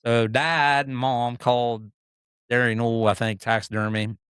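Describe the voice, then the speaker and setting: A middle-aged man, a motocross racer and podcast guest, telling stories in a casual, animated way that acts out other people and often restarts sentences. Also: medium pitch, moderate pace, smooth, dry recording, clean studio sound. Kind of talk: casual storytelling.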